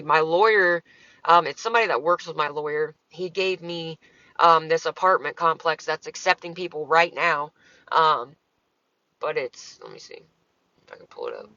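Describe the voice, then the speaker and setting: A woman's voice: deep voice, sharp tone, no echo, muffled recording. A woman talking casually on her livestream, answering comments in a profane, exasperated, rambling way.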